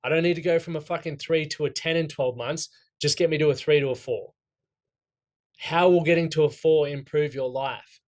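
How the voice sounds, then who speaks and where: A man's voice: a little high, normal speed. A man with an Australian accent leading a goal-setting workshop for men, talking casually and bluntly, often swearing and checking in with the group. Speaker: coach running a men's goal-setting workshop.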